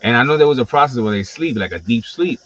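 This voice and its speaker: A man hosts a casual livestream and tells animated stories full of fillers and swearing. His voice sits at a middle pitch. The stream audio is a little muffled and lo-fi. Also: fast, a little hiss or hum. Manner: animated, profane storytelling with lots of fillers. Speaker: host of a wrestling collectibles livestream. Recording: slightly dull lo-fi stream audio.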